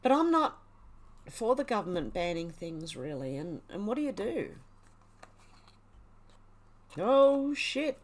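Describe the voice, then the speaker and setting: A woman's voice: fairly low pitch, sing-song, moderate pace. A woman, hosting a casual livestream, reading headlines and viewer comments in a chatty, exclaiming way and laughing often. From Australia. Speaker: livestream host.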